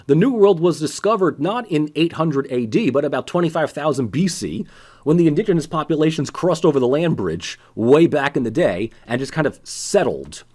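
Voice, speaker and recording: Animated, lively-voiced male lecturer. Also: fairly high pitch. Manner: animated, conversational, sarcastic asides. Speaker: political science lecturer. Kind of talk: casual recorded lecture.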